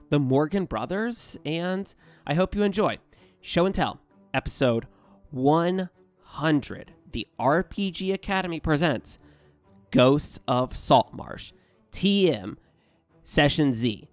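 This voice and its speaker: Chatty young male podcast host. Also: a little high. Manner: chatty, laughing often, self-correcting. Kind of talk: casual chat. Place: hotel room.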